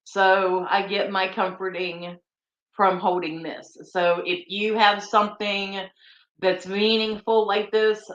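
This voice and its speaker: Slow, bright-voiced woman guiding affirmations. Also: on the low side, reverberant, dull audio. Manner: slow, repeating affirmations, fillers and restarts. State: close to tears. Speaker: energy healing guide. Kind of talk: guided tapping meditation livestream.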